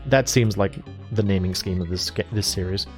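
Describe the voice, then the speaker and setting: A man's voice: low-pitched, normal speed. A man casually commenting on a video game as he plays, rambling, joking and self-deprecating. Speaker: let's play host. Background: faint game music.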